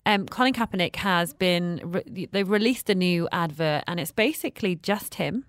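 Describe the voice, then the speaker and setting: A woman's voice: lowish voice, moderate pace, dry recording, studio quality. A woman co-presenting a radio show, chatting in a self-deprecating, hesitant way. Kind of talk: casual radio chat.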